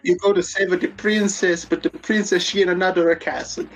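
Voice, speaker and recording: A man's voice: high voice, fairly even intonation, moderate pace, pitched above the performer's own voice, close to an everyday voice, rough recording. A man doing a sing-song Italian plumber. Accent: exaggerated mock Italian. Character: cheerful Italian video game plumber man.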